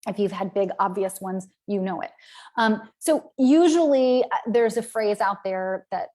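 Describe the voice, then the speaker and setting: A woman's voice: mid-range voice, animated, measured pace, mellow. A woman from the American South, a business coach speaking in a casual live-stream talk, candid and chatty with many "right?"s and "um"s.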